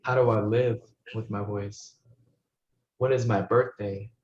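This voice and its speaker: A low-voiced man leads a guided meditation, speaking softly and slowly and repeating his phrases, often dropping almost to a murmur. His pitch stays fairly flat. The recording sounds roomy and a little dull. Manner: soft-spoken, slow, repetitive guidance, often dropping to a hush. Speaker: spiritual teacher.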